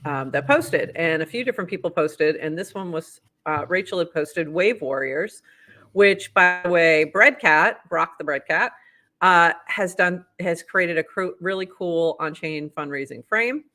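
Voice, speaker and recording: A man with a Boston accent co-hosting a live show, briskly reading posts aloud and commenting on them. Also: on the high side, pushed and bright. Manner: brisk, upbeat, reads posts then comments. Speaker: co-host.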